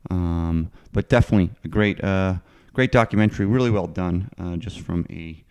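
A man hosting a casual interview podcast, talking in a relaxed, halting way with many fillers and a husky early-morning voice. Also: deep voice. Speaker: podcast host. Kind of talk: casual interview and sponsor read.

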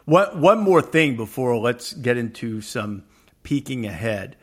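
A man's voice: mid-range voice, unhurried. Guy hosting a sports podcast, kinda sarcastic, normal mid voice. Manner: sarcastic, animated opinions. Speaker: podcast host. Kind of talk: casual sports talk.

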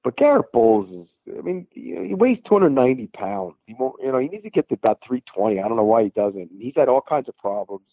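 A man reports on football over a thin, phone-like line with a dry, close sound. He gives his analysis in a matter-of-fact way and states his verdicts with confidence. His pitch sits in the middle for a man. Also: sing-song, fast, hardly any pauses, dry recording. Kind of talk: sports analysis on a podcast. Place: at a team practice facility.

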